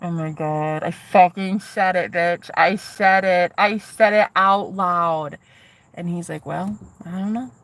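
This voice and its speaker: A woman telling a story to her viewers in a casual vlog, excitable and swearing freely as she talks straight to them. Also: lowish voice, slow. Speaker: vlogger.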